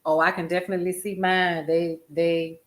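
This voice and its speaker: A woman's voice: lowish voice, level tone, normal speed, echoey room. An older woman, a grandmother, hosting a casual news commentary stream, chatty and laughing often as she talks to her viewers. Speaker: host.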